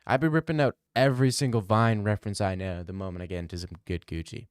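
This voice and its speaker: A man's voice: on the low side, fairly even intonation, fast, smooth, dry recording, studio quality. A young man hosting a livestream, reading out chat and rambling in a crude, jokey, casual way. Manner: rambling, crude, jokey, slips into silly voices. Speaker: livestream host answering chat.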